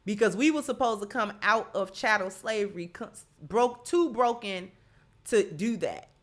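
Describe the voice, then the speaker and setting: A woman's voice: mid-range voice, unhurried. A woman hosts a live stream in a chatty, emphatic way, greeting viewers one by one. Her nose is stuffy from allergies, which gives her voice a blocked, congested sound. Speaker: channel host. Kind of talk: live-stream talk, reading viewer comments.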